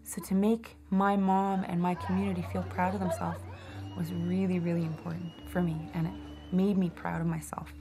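A woman's voice: fairly low pitch, level tone, normal speed. A woman in a documentary interview, telling a personal story reflectively with casual fillers.

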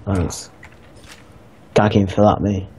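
A man's voice: fairly low pitch, little pitch movement, takes it slowly, a crowd in the background. A young man casually bantering and swearing while playing a video game. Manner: crude, teasing, swears a lot. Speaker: game commentator.

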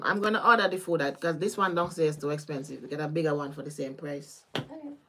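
A tarot reader with a deep voice and a Caribbean, Jamaican-style patois accent talks fast and animatedly with her live-stream viewers, laughing and swearing freely. There's a little hiss or hum in the background.

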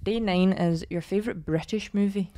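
A Scottish woman co-hosting a podcast in casual chat, talking freely with lots of fillers and lively storytelling. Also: medium pitch, normal speed. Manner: chatty, filler-heavy, animated storytelling. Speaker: podcast co-host.

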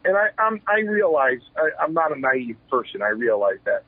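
Animated man telling stories over a phone line. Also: on the high side, normal speed, husky, no room sound. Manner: animated, acts out quoted exchanges, restarts sentences. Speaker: retired pro wrestler, interview guest. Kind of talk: candid storytelling interview. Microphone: telephone.

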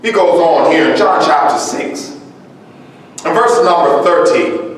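A pastor delivers a sermon in a high voice, stretching his words and shouting for emphasis. He speaks slowly, and the sound carries a long echo through a church sanctuary. The mic sits well away from him. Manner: impassioned preaching with shouted emphasis; drawn-out emphatic phrasing. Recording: echoey hall from far off.

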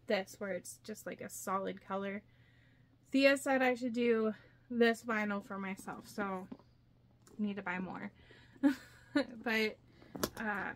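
A young woman vlogger chatting casually as she shows her handmade bags, with lots of fillers and excitement. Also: on the high side, a little hiss or hum. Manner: chatty, filler-heavy, enthusiastic. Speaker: crafting vlogger. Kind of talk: casual show-and-tell vlog.

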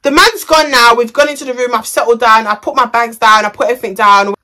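Young woman, chatty storytime vlogger, rambling and slangy, fairly high voice. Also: quick pace, bright, forceful tone. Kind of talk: storytime vlog.

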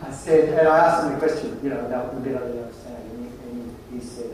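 A man's voice: medium pitch, quick pace, slight background noise. Wry man in an echoey hall. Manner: anecdotal, wry and animated. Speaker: conference presenter. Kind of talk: humorous storytelling keynote. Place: large conference hall. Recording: very echoey hall, distant mic.

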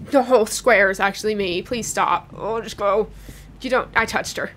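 A woman playing a horror game, talking to herself nervously and joking to calm her nerves. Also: medium pitch, normal speed, a little hiss or hum. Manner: nervous, talks to herself, jokes to cope. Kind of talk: casual let's-play commentary. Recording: game music playing behind. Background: game music.

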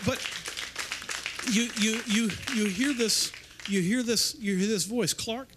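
A male preacher with a notably high voice. He speaks loosely and conversationally, stumbling over and repeating his words as he goes. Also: slow, a crowd in the background, noisy background. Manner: rambling, repeats and restarts words. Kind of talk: informal sermon. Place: church service.

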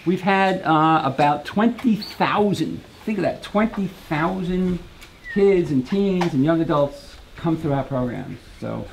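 A man, the camp director, talking informally to campers and telling a story in a relaxed way, with small restarts. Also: on the high side, measured pace, gravelly, slight background noise, poor audio.

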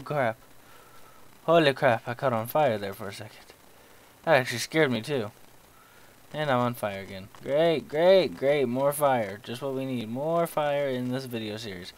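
A young man talks his way through a horror game in loose, joking asides. He yelps and swears mildly whenever something startles him. His voice sits at an everyday male pitch. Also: expressive, unhurried, long pauses, rough recording. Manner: jumpy, yelps when startled, jokey self-talk. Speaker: gameplay commentator. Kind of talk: horror game let's play commentary.

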